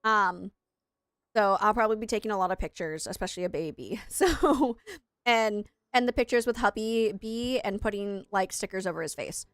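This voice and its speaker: A woman's voice: medium pitch, normal speed, no echo, studio quality. A woman streamer chatting on a live gaming stream, rambling and self-deprecating, who also works as an English teacher.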